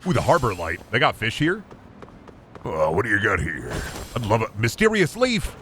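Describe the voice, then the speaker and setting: A man streaming a video game, commenting loudly and goofily, swearing and breaking into yells. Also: fairly low pitch, huge pitch swings, moderate pace, slight background noise. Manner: loud, goofy, swearing, bursts into yelling. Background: game music.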